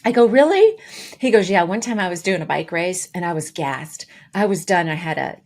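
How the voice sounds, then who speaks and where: A woman co-hosting a podcast, casually telling a story with lively, acted-out quotes. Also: fairly low pitch, fairly quick. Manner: animated, acts out quoted dialogue with voices. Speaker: podcast co-host.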